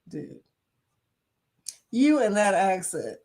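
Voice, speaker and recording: A woman's voice: mid-range voice, animated, measured pace. A woman with a Southern US accent hosting a casual livestream, chatty, laughing often and greeting viewers by name. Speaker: livestream host.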